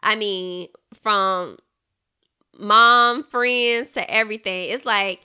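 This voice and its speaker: Bright, clear-voiced woman podcast host. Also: mid-range voice, slow pace. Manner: chatty, animated, laughs often, addresses listeners as y'all. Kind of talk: casual book discussion.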